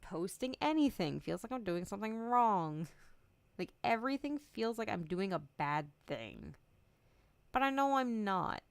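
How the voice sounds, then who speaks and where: Candid, laughing young woman with a smooth voice. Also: medium pitch, animated, measured pace, no room sound. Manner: candid and profane, laughing often, acting out both sides of conversations. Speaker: VTuber streamer. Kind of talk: casual chat stream.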